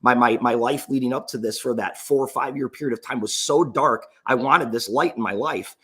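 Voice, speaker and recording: A man's voice: mid-range voice, fairly quick, a bit bright, slightly rough. A man in his thirties, an entrepreneur, telling his personal story in an earnest, emotional way, often restarting his sentences. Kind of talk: motivational personal story talk.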